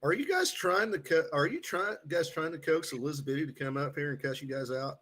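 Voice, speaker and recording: A man's voice: a little high, animated, a little fast, a bit bright. A man hosting a live stream in an easygoing, chuckling way, inviting audience questions. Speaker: host. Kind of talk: casual live-stream banter.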